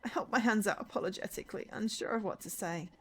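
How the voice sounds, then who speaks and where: A woman's voice: mid-range voice, fast talker, slight background noise. A woman streaming a visual novel, reading the story aloud and breaking in with chatty asides. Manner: lively, chatty asides between read lines.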